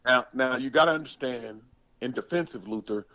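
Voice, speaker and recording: A man in his sixties from the United States, a former pro football player telling stories in a podcast interview, animated and emphatic, often repeating words. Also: mid-range voice, moderate pace, dry recording, dull audio. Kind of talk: storytelling interview.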